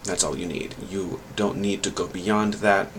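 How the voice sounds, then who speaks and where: A man's voice: sits low, steady tone, unhurried, a little hiss or hum, low-quality recording. A man chatting casually on his vlog and giving language learning tips, rambling and hesitant with many fillers and restarts.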